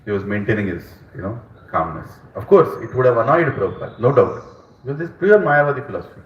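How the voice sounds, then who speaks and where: A man lecturing on scripture, emphatic and repetitive as he tells stories. His voice sits at an ordinary middle pitch. It sounds roomy and picked up from a distance. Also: fast, lo-fi sound. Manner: emphatic, repetitive, animated storytelling. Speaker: scripture teacher. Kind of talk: lecture with storytelling.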